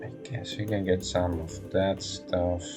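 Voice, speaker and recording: A man's voice: low-pitched, little pitch movement, measured pace, over music. A man streaming a role-playing game, muttering hesitant thoughts aloud as he plays. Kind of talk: let's-play commentary.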